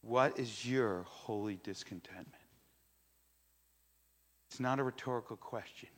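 A man preaching a sermon, retelling a story in a casual, animated storytelling way. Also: medium pitch, measured pace. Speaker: pastor.

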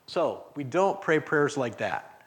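A man's voice: fairly high pitch, very animated, slow pace. A man preaching an interactive sermon in a church, talking casually, polling the congregation and acting out sample prayers. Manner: conversational, acts out prayers in voices, chuckles often. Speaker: guest speaker. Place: church sanctuary.

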